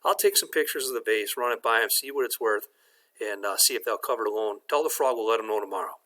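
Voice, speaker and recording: A man voicing a jovial male bank president, talking loud and high with excitement. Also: quick pace.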